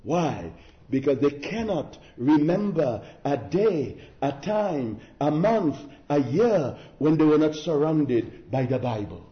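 Man preaching, earnest and exhorting, unhurried delivery, muffled echoey church sound. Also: on the high side, lively intonation. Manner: earnest exhorting preacher, rhetorical questions, emphatic repetition. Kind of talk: sermon.

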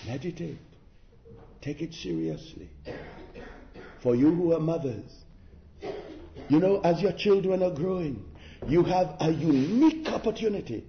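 Man preaching, earnest and exhorting, unhurried delivery, muffled echoey church sound. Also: fairly high pitch. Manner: earnest exhorting preacher, rhetorical questions, emphatic repetition. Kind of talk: sermon.

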